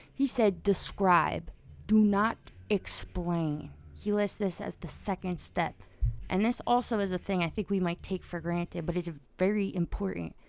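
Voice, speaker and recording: A woman hosting a podcast, talking through ideas casually from home at night, bursting into loud excited swearing at times. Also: lowish voice. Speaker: podcast host. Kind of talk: casual explainer monologue.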